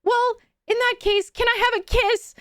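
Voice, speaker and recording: A woman voicing a shy, soft-spoken bearded man who talks in an overly sweet way. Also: very high-pitched, steady tone, moderate pace, no room sound, studio quality, pitched above the performer's own voice.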